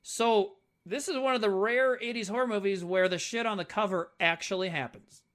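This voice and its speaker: A man's voice: sits high, fairly even intonation, normal speed, a bit bright. A man co-hosting a casual movie-review podcast, swearing freely and laughing often. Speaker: podcast co-host.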